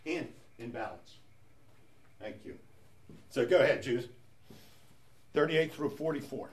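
A man's voice: medium pitch, expressive, measured pace. A man leading a Bible study, explaining scripture in a conversational way and often asking rhetorical questions. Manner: conversational, asks rhetorical questions with frequent "right?".

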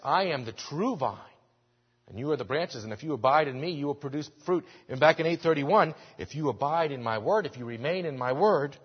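A man preaching a sermon as pastor, earnest, rising to loud emphasis and dropping back to quiet, with frequent restarts. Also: medium pitch, slightly rough. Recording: dull sound in a reverberant hall.

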